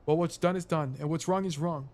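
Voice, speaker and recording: A man's voice: fairly high pitch, steady tone, a little fast, a little mellow, lightly acted. A man voicing a grouchy male bug caretaker in a put-on English accent, reading game dialogue aloud and scolding.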